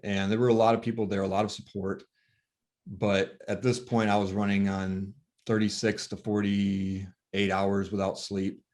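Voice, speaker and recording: A soft-spoken man with a fairly low voice tells a painful personal story as a grieving father. He talks haltingly, pausing often and falling back on fillers. His voice sounds worn and tired. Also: level tone.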